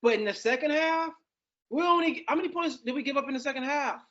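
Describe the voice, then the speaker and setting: A man's voice: very high-pitched, fast talker, a bit bright, highs cut off. A man co-hosting a casual sports podcast, emphatic and talking over his partner. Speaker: podcast co-host.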